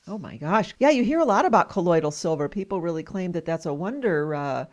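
Hosting a trivia show, a cheerful woman reads out facts to her guests and laughs frequently. She speaks fairly quickly in a lowish voice with lively intonation.

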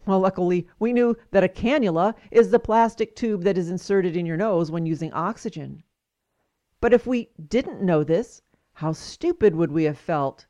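A woman's voice: fairly low pitch, lively intonation, normal speed, a little mellow, highs cut off. A woman hosting a podcast, giving scripted commentary with wry, emphatic storytelling. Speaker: podcast host.

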